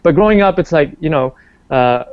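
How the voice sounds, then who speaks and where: A young Canadian man speaks in a fairly high, clear, resonant voice at a moderate pace during an interview. He talks casually and rambles, with lots of fillers and restarts, and gets animated when quoting. The recording is dry, with the highs cut off.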